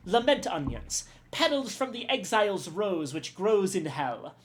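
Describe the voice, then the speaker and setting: A woman's voice: medium pitch, voice pushed up. A woman voicing an eager, grandiose male ship's chef in a game, with a put-on French accent and theatrical delivery. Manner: theatrical, exclaiming.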